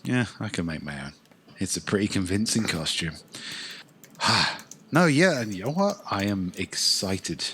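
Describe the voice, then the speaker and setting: A man's voice: lowish voice, lively intonation, a little slow, a bit bright, slight background noise. A man from England with an English accent, co-hosting a podcast in casual, sweary, self-mocking banter. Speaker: podcast co-host. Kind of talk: casual chat.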